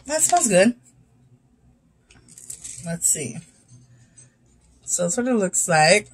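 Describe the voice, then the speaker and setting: A woman's voice: medium pitch, sing-song, slow, husky, low-quality recording. A young woman chatting casually as she tastes and rates snacks, sometimes talking with her mouth full. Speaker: YouTube host. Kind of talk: casual snack review vlog.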